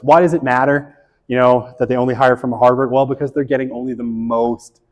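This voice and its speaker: Middle-aged male instructor, chatty and self-correcting, mid-pitched, reverberant lecture hall. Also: darkish tone. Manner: conversational, lots of "right?" tag questions; self-correcting, wry asides. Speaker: college sociology instructor. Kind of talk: classroom lecture.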